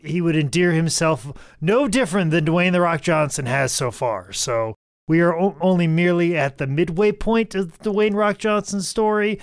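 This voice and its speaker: A man's voice: fairly high pitch, no room sound. A man co-hosting a comedic podcast, rambling through mock-serious rants. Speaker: podcast co-host.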